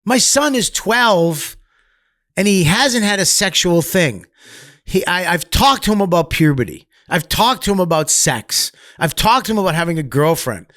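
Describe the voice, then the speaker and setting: A man, a comedian guest on a podcast, telling candid stories in a profane, animated way, swinging between loud bursts and quiet asides. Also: sits high, moderate pace, no room sound, studio quality. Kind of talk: candid storytelling.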